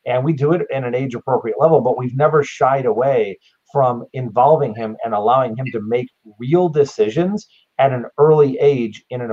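A man's voice: mid-range voice, darkish tone, dull audio. A man talking earnestly and reflectively in a casual podcast conversation, laying out his thoughts point by point. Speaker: guest.

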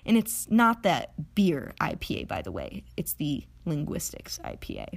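A young woman hosting an audio lesson on phonetics, explaining vowels in a chatty way with playful asides and slowing down to model each sound. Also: low-pitched, huge pitch swings, vocal fry. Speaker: podcast host teaching phonetics. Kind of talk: educational podcast lesson. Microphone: audio-only podcast recording.

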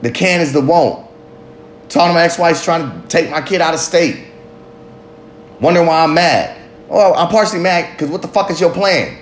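A man's voice: a little high, normal speed, pauses often, a little hiss or hum. A father talking in a candid, confessional monologue, blunt and heavy with profanity. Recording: roomy echo.

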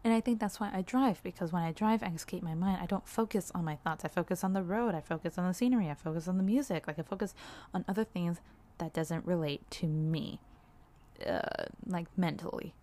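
A young woman talking candidly in a personal vlog, rambling a little, with frequent "like"s and soft laughs. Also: on the low side, fairly quick. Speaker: vlogger.

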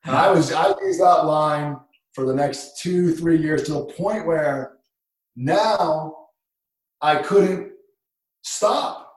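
Male storyteller, former school dean, lively and dramatic, heard in a roomy space from a distant mic. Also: fairly high pitch, slow pace. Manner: animated storyteller, swings from hushed to shouting. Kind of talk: casual storytelling in conversation. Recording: echoey room, distant mic.

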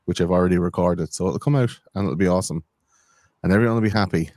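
Podcast guest, man, lowish voice, rambling sarcastic banter, dry close sound. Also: quick pace, darkish tone, no echo. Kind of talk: crude casual banter.

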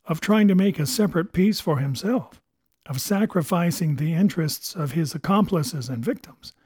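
A man giving measured, expressive first-person narration of an adventure book. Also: a little high, husky, no room sound, studio quality. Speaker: audiobook narrator.

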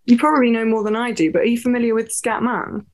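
Young English actress, podcast guest, chatty and giggly. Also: female voice, fairly high pitch, fast talker, a little mellow. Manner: chatty, laughs often, many fillers. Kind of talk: casual podcast chat.

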